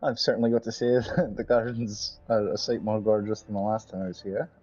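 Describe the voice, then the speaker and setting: A man speaks in character during a tabletop game, friendly and a little hesitant. His voice sits fairly low, and it comes through a dull, lo-fi mic. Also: flat delivery, a little fast, darkish tone, soft background music. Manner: friendly and hesitant, with many fillers. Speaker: player. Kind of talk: in-character tabletop role-play.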